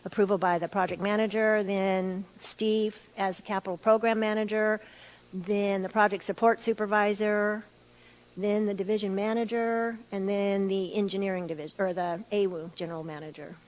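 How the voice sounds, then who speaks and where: A woman gives witness testimony in a formal hearing room. She answers steadily and in detail, sometimes pausing to restart a sentence. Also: medium pitch, flat delivery, rough recording. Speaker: utility staff witness.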